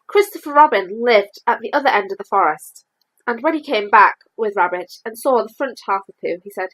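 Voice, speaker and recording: A woman reading a children's storybook aloud, lively and expressive. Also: medium pitch, brisk, poor audio.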